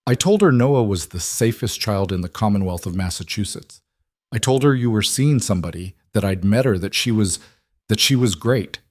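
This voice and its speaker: A man voicing a worried woman friend who talks in a rattled, halting way. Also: on the low side, expressive, no echo, studio quality.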